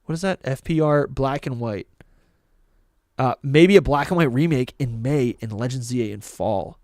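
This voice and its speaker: A man co-hosting a live podcast, excitable and laughing often as he reads out donations. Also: mid-range voice, normal speed, dry recording, studio quality. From New England. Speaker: podcast co-host reading donations. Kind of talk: casual live-stream chat.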